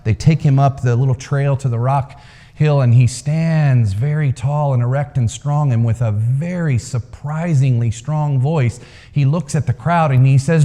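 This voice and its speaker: Male coach, lively storyteller, mid pitch, reverberant hall. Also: measured pace. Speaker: speaker, coach. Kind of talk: storytelling talk to a live audience.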